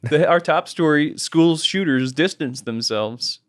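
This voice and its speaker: A man co-hosting a comedy podcast in relaxed, casual chat. He throws in quick asides and laughs often. He talks into a studio podcast mic. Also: on the high side. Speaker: podcast co-host.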